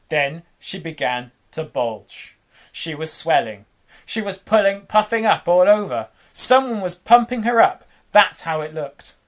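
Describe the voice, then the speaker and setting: A woman reading a children's book aloud in an animated, dramatic way. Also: fairly low pitch. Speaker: storyteller.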